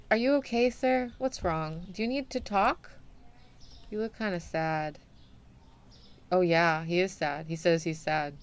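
Unhurried woman streamer talking to game characters. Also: lowish voice, smooth. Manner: chatty, talks to game characters, laughs often. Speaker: VTuber streamer. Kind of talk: live gameplay commentary.

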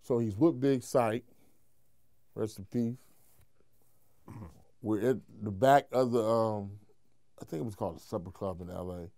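A man, a comedian, telling an animated, profane story in an interview, mimicking the people he quotes. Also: a little slow, long pauses, no echo, studio quality. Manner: profane, acts out quotes in high voices, laughs while telling.

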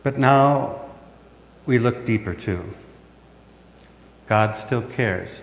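A man's voice: mid-range voice, drawn-out words, gravelly, slight background noise. A middle-aged man preaching a sermon as pastor, putting questions to the congregation and answering them himself. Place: church sanctuary. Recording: reverberant church hall.

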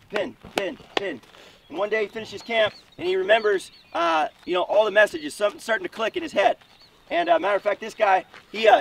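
A man's voice: extremely high pitch, creaky. A man coaching at a wrestling camp, telling a motivational story with energy and lots of punchy repetition. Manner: energetic, repeats words for punch. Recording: distant mic with faint background noise.

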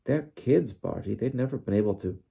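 A man voicing a worried female witch who pleads softly, in an audiobook reading. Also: medium pitch, animated, brisk, vocal fry, breathy edge, voice pushed up, full character voice. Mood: pleading. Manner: soft, pleading.

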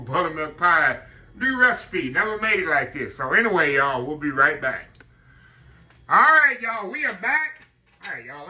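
A bright, ringing man with a somewhat high voice talks his viewers through his kitchen work in an easy, folksy way. He keeps turning to the audience as he goes, relaxed and chatty. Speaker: cooking channel host. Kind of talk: casual cooking vlog.

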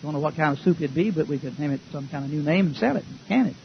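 A man's voice: on the high side, animated, quick pace, vocal fry. A man preaching a sermon in a folksy, emphatic way, throwing rhetorical questions at his congregation. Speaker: pastor. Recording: dull lo-fi recording with faint hiss.

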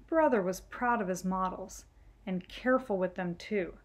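Gentle woman reading a storybook. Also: mid-range voice, normal speed. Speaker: storytime reader. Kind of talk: children's book read-aloud.

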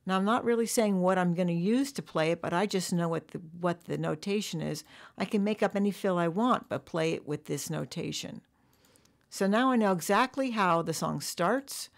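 A woman drum teacher walking through a software tutorial, explaining step by step. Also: on the low side, vocal fry. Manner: explanatory, counts bars aloud along with the music.

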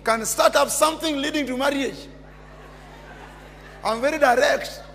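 A man with a Kenyan accent preaching a fiery sermon, jumping from shouts down to near-whispers. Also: very high voice, normal speed, creaky, a little hiss or hum. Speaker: pastor. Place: large church hall. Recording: long church reverb.

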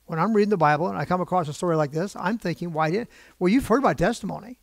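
A man's voice: high-pitched, fast, vocal fry, dry recording, clean studio sound. A man preaching a sermon from a church pulpit, talking conversationally with his congregation, asking them questions and getting emotionally worked up. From United States. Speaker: pastor.

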